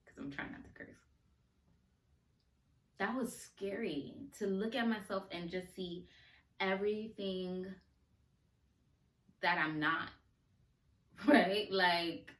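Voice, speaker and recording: Woman podcaster talking slow and heartfelt, laughs a lot, roomy echo, bit far from the mic. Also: on the low side, a bit bright. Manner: heartfelt, conversational, laughs often. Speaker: podcast host. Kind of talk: solo podcast talk.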